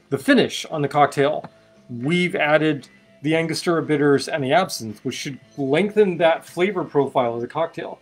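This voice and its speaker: Guy hosting a cocktail stream, bit higher voice, chatty and wry, faint music behind. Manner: chatty, explains while working, wry asides. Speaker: host mixing cocktails. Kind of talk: casual live stream chat.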